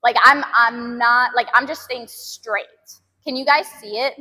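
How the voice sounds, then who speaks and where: A woman's voice: a little high, steady tone, unhurried, sharp tone, big-room sound. A woman in her twenties, a fitness streamer, chatting casually with live viewers from a gym, laughing often and groaning at sore muscles. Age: 20s.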